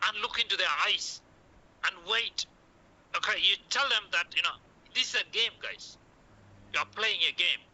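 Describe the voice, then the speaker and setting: Lecturing a class at a moderate pace with long pauses, a male medical communication teacher uses short, repetitive coaching phrases, says "okay" after almost every point, and performs the doctor's lines. His voice sits a bit high for a man and comes across very bright and sharp. The recording is muffled.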